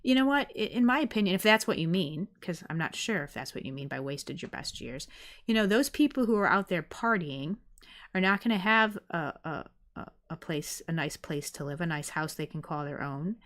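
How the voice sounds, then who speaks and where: A woman's voice: on the low side, animated, normal speed, fairly bright tone. A middle-aged woman streaming, chatting casually and rambling with many fillers as she reads viewer comments. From United States.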